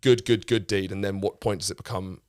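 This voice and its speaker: Low-voiced man telling a story. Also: fairly even intonation, a little fast, a little mellow, clean tone, dry recording, studio quality. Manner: rambling, restarts, swears freely. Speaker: comedian guest. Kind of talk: casual anecdote telling.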